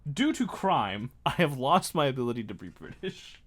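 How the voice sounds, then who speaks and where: A man's voice: mid-range voice, sing-song, normal speed, fairly bright tone. A man hosting a casual livestream while building a model kit. He rambles, mocks himself and laughs often.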